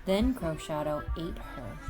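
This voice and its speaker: A woman reading a scripted podcast intro slowly and solemnly. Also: sits low, expressive. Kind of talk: scripted narration. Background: music bed.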